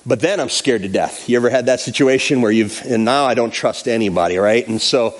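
A pastor telling a personal story in a sermon, acting out the quotes in an animated way. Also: male voice, medium pitch, brisk.

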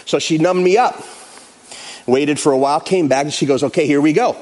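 A pastor telling a personal story in a sermon, acting out the quotes in an animated way. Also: male voice, on the high side, fairly quick, a little hiss or hum.

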